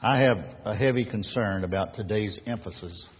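A man's voice: lowish voice, moderate pace, husky. A man preaching an earnest sermon as pastor, building emphasis on key phrases. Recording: dull lo-fi sound in a reverberant hall.

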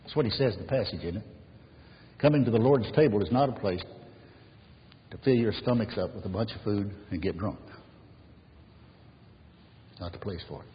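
Low-voiced man preaching in a reverberant hall. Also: moderate pace, pauses often. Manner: earnest preaching, swells loud then drops to a near whisper. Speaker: pastor. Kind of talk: sermon. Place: church sanctuary. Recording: dull reverberant church recording.

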